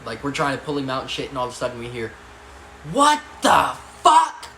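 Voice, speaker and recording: A man's voice: medium pitch, little pitch movement, very fast, sharp tone. A man casually telling a story about his past, rambling with lots of fillers, swearing and laughing as he goes. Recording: echoey room with faint ambient noise.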